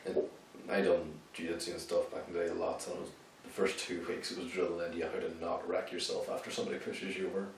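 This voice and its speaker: Deep-voiced man in a very echoey room. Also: level tone, fast, distant mic. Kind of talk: casual chat. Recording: very echoey room, off-mic, faint noise.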